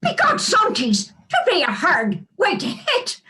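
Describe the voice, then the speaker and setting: A frail, nearly blind old father, played by a woman, asks the way in a thin, very high, pleading voice. He speaks slowly and humbly, like a poor man who knows his place. This is Shakespeare performed over a video call. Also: wildly swooping pitch, sharp tone, exaggerated voice.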